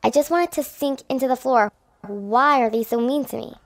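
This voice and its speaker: A woman voicing a hurt, shy young girl who is new at school, in a children's audio drama, speaking softly and hesitantly. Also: high-pitched, moderate pace. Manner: soft, hesitant, confiding.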